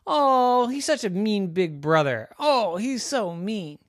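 A daydreaming little girl, high and whiny, demanding answers with wide swings of pitch, as a storyteller puts her on. She is lively and indignant. This is a bedtime-story voice, recorded close and dry. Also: measured pace, no echo. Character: dreamy distracted little girl.

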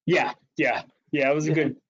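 A man's voice: on the high side, fairly even intonation, normal speed, slightly rough. A man telling a rambling story in casual chat. He laughs often and restarts his sentences a lot. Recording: slightly muffled lo-fi audio.

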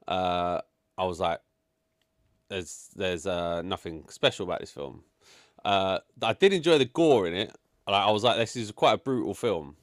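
Animated man giving blunt opinions. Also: low-pitched, no room sound, clean studio sound. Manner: blunt, sweary, animated opinions with frequent fillers. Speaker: podcast co-host reviewing a film. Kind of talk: casual chat.

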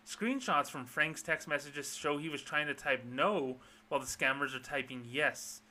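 A middle-aged man with a bright, forceful voice rants with open indignation. He is sarcastic and swears freely, slipping into mock dialogues. His voice sits a little above the usual pitch for a man. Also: moderate pace, a little hiss or hum. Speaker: podcast host, former bank employee. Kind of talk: ranting solo commentary.

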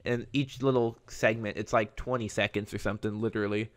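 A podcast host with a lowish voice rambles briskly through a casual solo episode in a loose, conversational way. His delivery is fairly flat, with little rise and fall.

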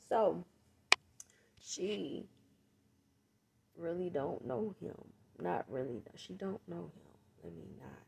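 A woman with a low, gravelly voice tells a casual vlog story straight to her viewers. She curses freely and swings from quiet, muttered asides to loud, heated bursts. There is a faint hiss of background noise. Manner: talks straight to viewers, with frequent cursing. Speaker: vlogger and mother.

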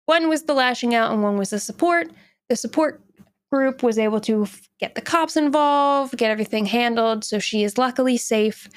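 A woman's voice: a little high, moderate pace, no echo. A young woman hosting a solo podcast, speaking candidly and bluntly, and heated when she scolds. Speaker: podcast host.

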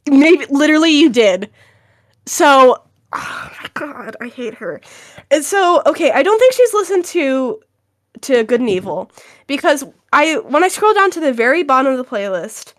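A young woman co-hosting a casual podcast, ranting in an animated, exaggerated way and leaning on "literally". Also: high-pitched, moderate pace, no echo, clean studio sound. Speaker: podcast co-host. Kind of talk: casual chat.

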